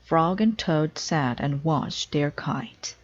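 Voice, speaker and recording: A woman reads a children's picture book aloud, gentle and measured. Her voice is low, breathy and unhurried, and the recording sounds dull and lo-fi. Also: animated. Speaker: storybook reader.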